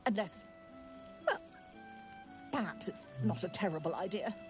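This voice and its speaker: A genteel, affectionate female cat played by a woman in a video game. She speaks at a middling pitch with a polished, doting manner. Faint game music plays underneath. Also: animated, unhurried, natural voice. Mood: fond. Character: prim talking female cat, fond and doting.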